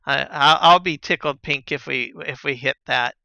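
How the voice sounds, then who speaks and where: A man chatting casually on a live gaming stream, relaxed and rambling with lots of fillers and soft chuckles, on a slightly dull lo-fi mic. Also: mid-range voice, normal speed, vocal fry, dry recording. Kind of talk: casual live-stream chat while playing.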